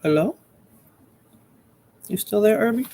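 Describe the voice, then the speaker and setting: A man's voice: high-pitched, expressive, unhurried, mellow. A man hosting a live stream in casual chat, laid-back and chuckling as he signs off.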